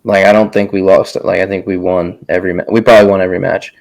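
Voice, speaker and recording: Gravelly low-voiced young man. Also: quick pace, low-quality recording. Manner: relaxed, many fillers and restarts. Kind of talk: casual chat.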